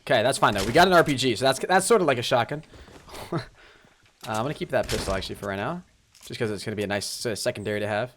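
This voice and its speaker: A man streaming a game live, commenting on play and talking straight to his chat in a lively, apologetic way. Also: mid-range voice, quick pace, a little hiss or hum. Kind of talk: live gameplay commentary and chat shout-outs.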